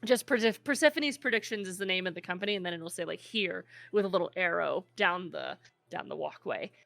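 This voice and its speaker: A woman's voice: lowish voice, brisk, vocal fry, a bit bright, no room sound. A woman narrating a tabletop game as game master, in a chatty way, laughing often and using lots of fillers.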